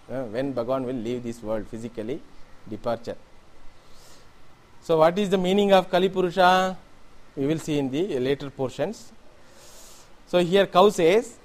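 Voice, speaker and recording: Middle-aged man, scripture storyteller, explanatory, slightly high voice. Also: darkish tone. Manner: explanatory, glosses Sanskrit terms. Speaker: religious storyteller.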